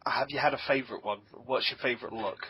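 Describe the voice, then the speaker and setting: A man's voice: mid-range voice, quick pace, bright, forceful tone, slight background noise, poor audio. A man hosting a podcast, asking his guests questions in a jokey, casual way. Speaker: podcast host. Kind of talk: interviewing, casual.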